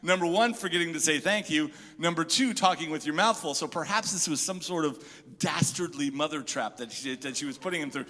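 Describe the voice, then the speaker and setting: A male pastor delivering a sermon, telling funny stories with lively asides. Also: a little high, fairly quick. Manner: animated storyteller, jokey asides. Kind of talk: sermon with humorous storytelling. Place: church hall. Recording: echoey hall.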